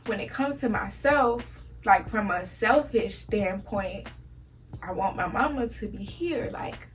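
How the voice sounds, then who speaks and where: A woman's voice: medium pitch, expressive, unhurried, low-quality recording. A woman in her twenties from Savannah with a Southern accent, candidly telling a painful personal story in a conversational vlog. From Savannah, Georgia. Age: 20s. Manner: candid, conversational, drops to soft near-whispers at painful moments. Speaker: vlogger.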